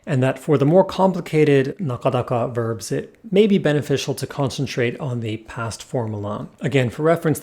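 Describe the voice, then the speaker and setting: A man delivers a scripted language lesson in an even, mid-pitched voice. He works through the rules in numbered points with a calm, methodical manner. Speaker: language teacher.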